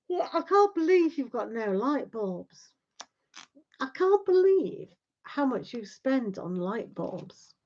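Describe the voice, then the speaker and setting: Chatty woman host, slightly high voice, rambling casual talk, dull livestream sound. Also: big pitch swings, slow pace. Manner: chatty, rambling, tag questions. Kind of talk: casual chat with live viewers.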